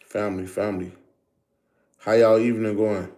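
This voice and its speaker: A man's voice: lowish voice, flat delivery, moderate pace, dark tone. A man hosting a casual livestream, greeting viewers over and over and explaining things in a loose, filler-heavy way. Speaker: livestream host.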